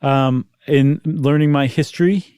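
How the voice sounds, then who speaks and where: A man's voice: medium pitch, steady tone, a little slow, a little mellow, clear, resonant tone, no echo, clean studio sound, soft background music. A middle-aged man co-hosting a podcast, chatting casually with self-mocking jokes. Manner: joking, self-mocking banter. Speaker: podcast co-host. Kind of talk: casual chat.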